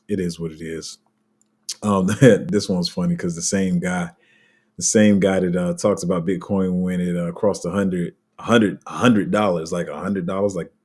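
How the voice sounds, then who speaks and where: A man with a very low, husky voice talks loosely through crypto news on a livestream. He rambles, restarts and answers his viewers' comments as he goes. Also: darkish tone. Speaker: crypto streamer.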